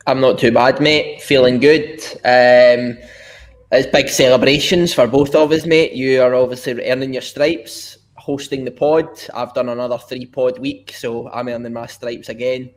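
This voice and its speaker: A man's voice: mid-range voice, fairly even intonation, unhurried. A man chatting as a guest on a football podcast, upbeat and friendly. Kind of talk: casual football chat.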